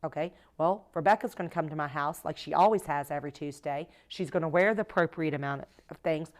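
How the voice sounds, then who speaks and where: A woman who owns a cleaning company talks as a podcast guest at a podcast recording, her voice sitting low and fairly quick. In casual conversation she tells her stories emphatically, acting out quoted dialogue.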